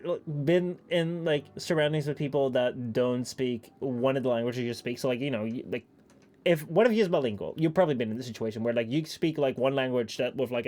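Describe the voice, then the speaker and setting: A young man with a Dutch accent chatting casually with his live stream audience, rambling with lots of "like" and frequent laughs. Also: darkish tone. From Netherlands. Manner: rambling, lots of "like", laughs often, sudden high squeaky bits.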